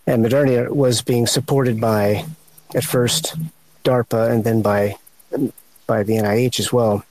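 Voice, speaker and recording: A man answering a question on a panel, speaking haltingly and pausing to search for words. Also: mid-range voice, fairly even intonation, darkish tone, poor audio. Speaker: panel guest.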